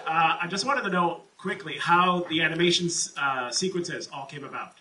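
A man's voice: a little high, moderate pace, pushed and bright, a little hiss or hum. A man in the audience asking a hesitant question. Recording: distant, echoey theater audience mic.

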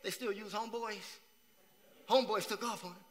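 Man, pastor, sermon, repetitive emphatic phrasing, high voice, long sanctuary echo. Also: steady tone, brisk, a bit bright. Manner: repeats phrases for emphasis, asks the congregation questions. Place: church sanctuary. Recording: long church hall reverb.

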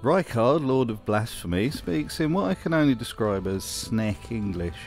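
A man's voice: medium pitch, big pitch swings, moderate pace, darkish tone, soft background music. A man narrating a scripted video essay with wry, jokey commentary.

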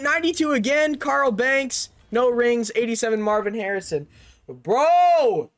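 A young man narrating a video game pack opening, excited and chatty, calling out each card and shouting over big pulls. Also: high voice, dry recording. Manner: hyped, shouts over big pulls, says "bro" a lot. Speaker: gaming YouTuber.

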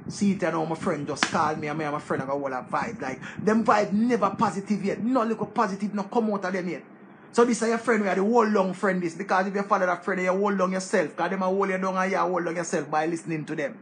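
A man with a Jamaican accent rants in a high, gravelly voice. He lectures and repeats his points with the rhythm of a preacher. There is a faint hiss of noise behind him. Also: fast talker. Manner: preachy, repetitive, animated rant. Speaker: commentator. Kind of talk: casual monologue.

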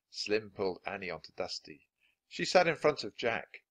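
A man reading a children's chapter book aloud, with clear, expressive narration. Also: lowish voice, moderate pace. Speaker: storybook reader.

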